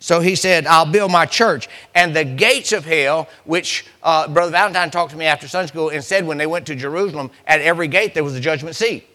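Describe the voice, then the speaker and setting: High, bright-voiced preaching man. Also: quick pace, few pauses. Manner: preaching with rising emphasis and repeated restarts. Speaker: pastor. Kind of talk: sermon.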